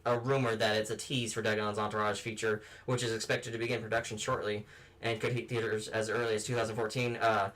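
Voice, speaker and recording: A man's voice: fairly low pitch, level tone, fast talker, fairly bright tone. Casual man reading movie news. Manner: reads news items with casual asides. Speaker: podcast host.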